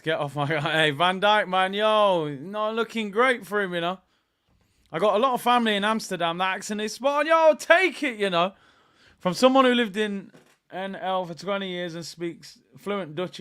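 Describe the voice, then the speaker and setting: A man hosting a live football watchalong, chatty and excitable as he reacts to the match and the chat. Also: high voice, clear, resonant tone. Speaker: watchalong host.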